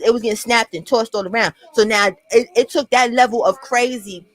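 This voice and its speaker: Young NY woman, casual storytime vlogger, swears freely, acts out the dialogue, slightly high voice, dry sound. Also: fast talker, hardly any pauses, no room sound. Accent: New York. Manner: profane, animated, acts out quotes.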